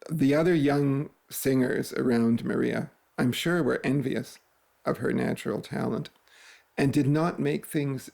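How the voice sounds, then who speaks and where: A man recalling the past in a documentary interview, reflective and pausing with fillers. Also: medium pitch, steady tone, gravelly, a little mellow. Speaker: interviewee, singer.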